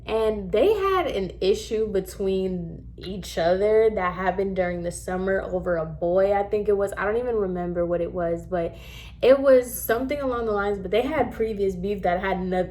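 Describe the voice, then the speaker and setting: A woman in her twenties telling a casual story to camera, animated and emphatic as she acts out scenes. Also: mid-range voice, normal speed.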